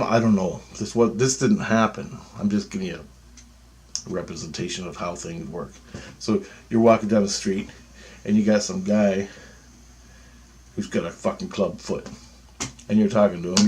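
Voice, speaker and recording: Man with a lowish voice, casual vlog monologue, profane and meandering. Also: a little mellow. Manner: loose, profane, meandering storytelling. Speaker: vlogger.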